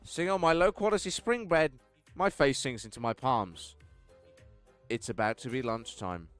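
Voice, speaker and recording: A man reading a text game aloud with wry commentary, swinging between deadpan narration and outbursts. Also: mid-range voice, normal speed, clean tone, faint music behind. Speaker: game streamer.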